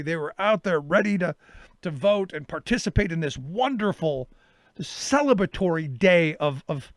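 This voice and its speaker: A man's voice: fairly high pitch, no echo. A middle-aged male talk show host telling a story in a casual monologue and acting out his own exchanges.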